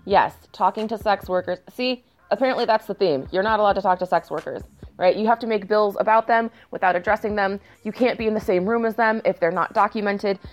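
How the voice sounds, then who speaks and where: A woman's voice: mid-range voice, fairly quick, soft background music. A woman commenting on news stories in a casual rant, reading passages aloud and breaking in with sarcasm and frequent swearing. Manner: sarcastic, swears often, shifts into mock outrage.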